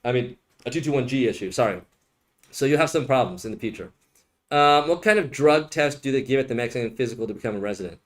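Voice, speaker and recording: A man's voice: medium pitch, expressive, fast. A male immigration attorney answering viewer questions in a casual, joking livestream Q&A, blunt and given to rambling asides.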